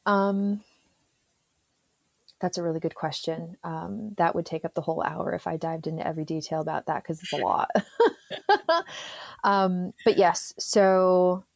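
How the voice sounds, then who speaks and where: A woman in her thirties talks through her work life in a relaxed, rambling way, full of "um"s and little laughs. Her voice sits a bit low, and the recording is close and dry, with no room sound. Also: gravelly, dry recording. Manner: chatty, laughs often, many fillers. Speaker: therapist, podcast guest. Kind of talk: casual interview chat.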